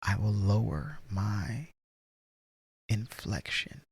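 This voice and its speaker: A man's voice: lowish voice, slow pace, slightly rough. A young man co-hosting a casual chat, playfully defending himself to his partner. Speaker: co-host.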